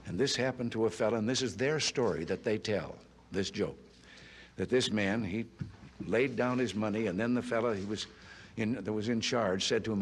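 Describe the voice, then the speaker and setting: Chuckling low-voiced male storyteller. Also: normal speed, slight background noise. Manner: chuckling storyteller, relaxed folksy delivery. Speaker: politician telling jokes. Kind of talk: anecdotal speech.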